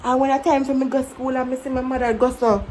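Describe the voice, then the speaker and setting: A woman in her twenties speaks with a Jamaican accent in a fairly high voice. She talks to camera in a candid, reflective vlog style and tells her stories with animation. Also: quick pace, background noise. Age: 20s. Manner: candid, animated, breaks into mimicking her younger self. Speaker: vlogger. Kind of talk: casual reflective storytelling to camera.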